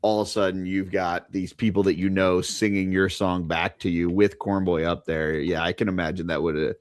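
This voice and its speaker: A man's voice: low voice, flat delivery, fairly quick, no echo. A man hosting a casual podcast, laughing along and asking easygoing follow-up questions. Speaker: podcast host. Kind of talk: casual interview chat.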